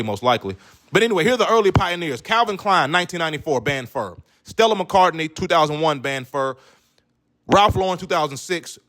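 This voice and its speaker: A man's voice: a little high, a bit bright. Joking man riffing on camera. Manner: loose, joking, slangy, lots of asides. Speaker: comedian, video host. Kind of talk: casual reaction commentary.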